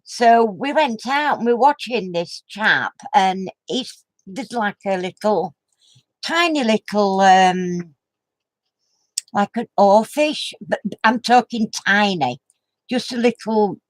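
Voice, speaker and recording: An older woman rambles through a funny memory to her viewers, giggling all the way. Her pace is slow and unhurried, her pitch sits in the middle, and the sound is dry and close with no room around it. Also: dry recording. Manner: chatty, homely exclamations. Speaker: craft vlogger. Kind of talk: rambling anecdote to camera.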